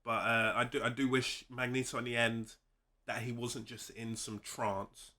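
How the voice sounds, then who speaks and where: A man in casual conversation about a film, talking with eager enthusiasm and breaking into laughs. His voice has a bright, forward ring at an ordinary pitch. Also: level tone, normal speed. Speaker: film review co-host. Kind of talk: casual film review chat.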